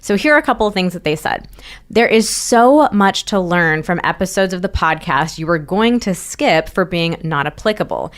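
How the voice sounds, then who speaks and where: A woman podcast co-host with a fairly low voice. She chats casually and reads messages from listeners aloud. Her delivery is upbeat and warm. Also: expressive, moderate pace.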